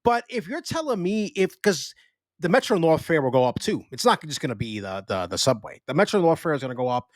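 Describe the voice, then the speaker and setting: A man hosting a podcast, talking in an animated way with laughs and swearing. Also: a little high, no room sound. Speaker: podcast host. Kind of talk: casual chat.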